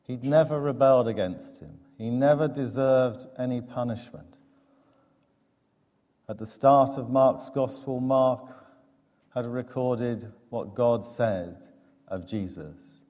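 Man, sermon, slow deliberate delivery, warm low voice, long church echo. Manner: measured, emphatic preaching with dramatic pauses. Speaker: preacher.

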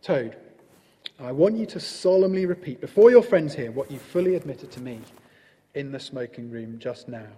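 A man voicing a stern but kindly old male badger from a storybook, severe and measured. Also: medium pitch, expressive, warm tone, big-room sound, close to an everyday voice. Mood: indignant.

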